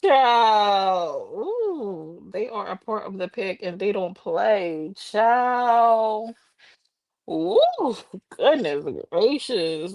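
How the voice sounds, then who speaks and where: A tired woman hosting a casual chat with her viewers, sassy and animated, talking while out walking a dog in the rain. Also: mid-range voice, gravelly, no room sound. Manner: sassy, animated, slangy and drawling. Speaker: livestream host.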